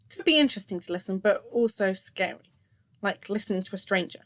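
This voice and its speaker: A woman narrating a first-person story in a steady, scripted reading voice. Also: mid-range voice, fast talker.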